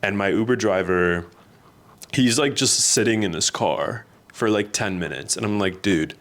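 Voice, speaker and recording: A man co-hosting a podcast, telling stories in a casual, animated way and laughing often. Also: lowish voice, normal speed. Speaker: podcast co-host. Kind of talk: casual storytelling chat.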